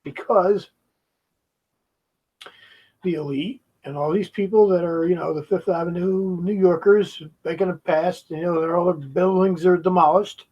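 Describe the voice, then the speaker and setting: A man's voice: high-pitched, fairly even intonation, normal speed, husky, highs cut off. A man giving a heated, profane reaction commentary, mocking the video he is watching.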